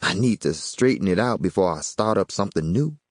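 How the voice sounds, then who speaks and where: A man's voice: expressive, brisk, dry recording, studio quality. A man voicing a troubled young woman with a blunt, clipped way of talking in an audiobook. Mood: guarded. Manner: blunt, clipped, raised-pitch delivery. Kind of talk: audiobook character voice.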